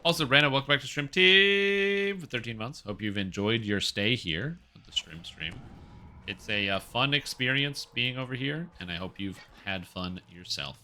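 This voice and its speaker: A man's voice: mid-range voice, animated, normal speed, sharp tone. A man streaming a game, chatting casually and rambling through joking asides. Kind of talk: casual chat while playing.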